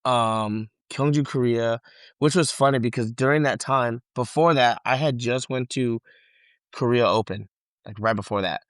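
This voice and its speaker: A man's voice: medium pitch, clear, resonant tone, no room sound, clean studio sound. Casual swearing male podcast host. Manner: casual, swears freely, quick reactions, excitable when surprised.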